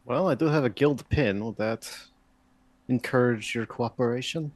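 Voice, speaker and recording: A man's voice: mid-range voice, normal speed, dry recording. A man playing a tabletop game, talking playfully and sarcastically in character. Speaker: player.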